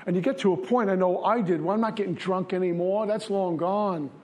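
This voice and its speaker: A man from Brooklyn, New York speaks in a high, fairly quick voice with a darkish tone. He gives an earnest, confessional recovery testimony in a repetitive style.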